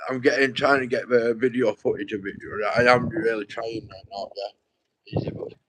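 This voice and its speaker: Young man livestreaming: rambling, sweary, talks right to chat, mid pitch, dry close mic. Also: fairly even intonation, normal speed, fairly bright tone, dry recording, low-quality recording. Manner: rambling, swears a lot, addresses viewers directly.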